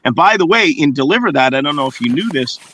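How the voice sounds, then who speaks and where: Earnest male co-host, argues with examples, slightly high voice. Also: animated, fast talker, a bit bright, a little hiss or hum. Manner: earnest, argues with hypothetical examples and acted quotes. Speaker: podcast co-host. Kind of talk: casual chat.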